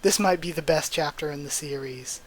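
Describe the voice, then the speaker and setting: A man reading a manga aloud and reacting as he goes, excitable and swearing, with bursts of astonishment. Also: a little high, normal speed, rough recording. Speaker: manga readthrough host.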